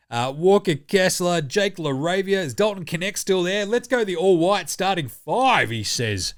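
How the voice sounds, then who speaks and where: A man's voice: on the high side, no echo, studio quality. Sarcastic, sweary Australian man. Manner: sweary, sarcastic, mocking impressions of others. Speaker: basketball podcast host. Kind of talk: casual sports commentary.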